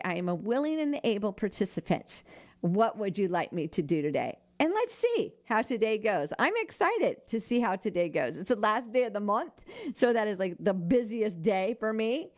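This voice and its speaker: A woman's voice: mid-range voice, darkish tone. An older woman hosting a radio show, giving a casual devotional talk in an earnest, chatty way and laughing often. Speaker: radio host.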